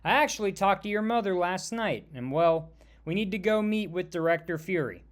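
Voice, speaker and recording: A man voicing a confident female superhero who talks briskly. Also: high-pitched, natural voice.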